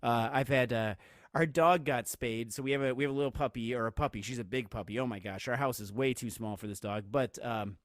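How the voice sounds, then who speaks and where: A man's voice: mid-range voice, brisk, a bit bright, no room sound, clean studio sound. A man co-hosting a podcast in casual chat, rambling with lots of fillers and restarts and laughing easily. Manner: laughs easily while telling stories. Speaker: podcast co-host.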